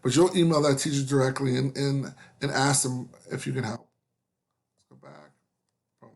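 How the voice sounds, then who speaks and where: A man's voice: medium pitch, fairly even intonation, moderate pace, gravelly. A man teaching an online webinar class in a casual, joking way. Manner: casual, joking, with frequent fillers.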